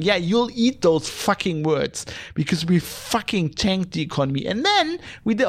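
A man's voice: sits high, big pitch swings, normal speed. Middle-aged guy podcast host going off on a rant, lots of swearing, fed up. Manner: profane, exasperated ranting. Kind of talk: ranting podcast monologue.

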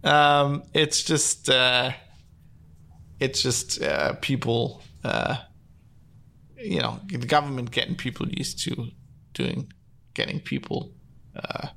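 Gravelly-voiced male podcast host, rambling. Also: mid-range voice, slow, pauses often, pushed and bright. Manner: rambling, many fillers and restarts, sardonic. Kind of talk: casual solo podcast talk. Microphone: podcast mic, streamed live.

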